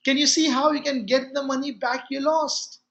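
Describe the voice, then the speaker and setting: A man's voice: very high voice, fairly even intonation, normal speed, creaky, fairly bright tone. A man giving a sales training talk, emphatic and repeating his key phrases with frequent restarts.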